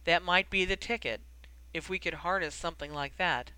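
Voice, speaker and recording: A weary middle-aged wizard official, worn down by his work, who grumbles his way through his complaints with a dry, wry edge, as the audiobook reader puts him on. The voice is bright and crisp and sounds dry and close. He talks briskly, as if he is always pressed for time. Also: medium pitch, no room sound, natural voice, low-quality recording.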